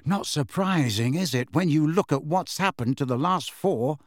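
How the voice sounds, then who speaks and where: This is a wry teenage joker from a storybook, read by a man. His humour is dry and his pitch moves a lot. The sound is dry and close. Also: animated, normal speed, dry recording, close to an everyday voice. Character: teasing teenage twin boy, wry joker.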